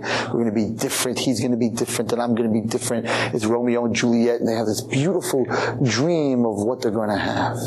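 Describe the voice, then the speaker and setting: A man preaches to a room of girls, spinning a cautionary story with animated delivery. He slips in and out of characters as he narrates, then comes back to direct address. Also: fairly low pitch, slight background noise, rough recording. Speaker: rabbi. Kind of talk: sermon lecture to girls.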